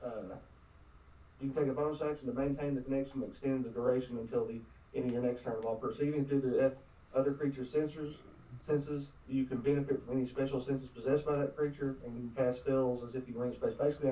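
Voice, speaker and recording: A man playing a tabletop game who reads out game rules haltingly in casual talk. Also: medium pitch, steady tone, dark tone. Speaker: player. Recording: roomy, from far off.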